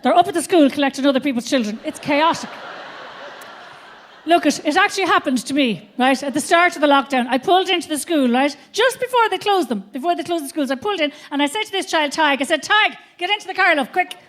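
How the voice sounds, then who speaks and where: With a high voice and quick pace, a stand-up comedian in her fifties tells crude, lively stories from a theatre stage to an audience. She's brash and animated throughout.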